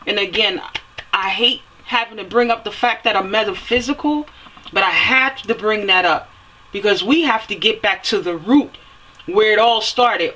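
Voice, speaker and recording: A woman giving a fiery, preachy opinion rant, repeating phrases for emphasis and swearing as she climbs to near-yelling. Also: mid-range voice, poor audio. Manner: swears and rises to near-yelling when heated. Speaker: vlogger.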